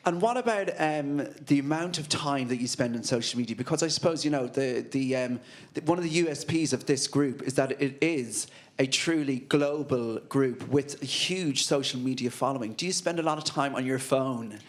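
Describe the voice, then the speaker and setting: A man's voice: medium pitch, moderate pace, hardly any pauses. A man interviewing a band, asking chatty, rambling questions with fillers.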